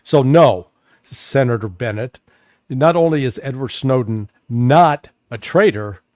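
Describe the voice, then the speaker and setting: A man's voice: medium pitch, expressive, a little slow, darkish tone, no echo. A man gives political commentary as a guest on an interview show. He talks emphatically and often restarts with repeated words. His voice sits in a middle register and the sound is dry and close. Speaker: guest analyst.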